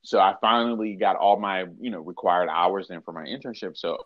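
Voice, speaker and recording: A man in his early thirties co-hosts a podcast, chatting casually and rambling with lots of restarts and self-corrections. His voice is deep and brisk, and the recording sounds dry and muffled.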